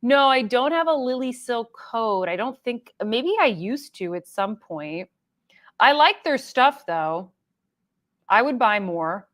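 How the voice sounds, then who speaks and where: A woman's voice: on the high side, expressive, slow pace, a bit bright. Chatty woman reading live comments. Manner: chatty, reads viewer comments aloud, frequent fillers and laughs. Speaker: livestream host. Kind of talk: casual livestream chat reading comments.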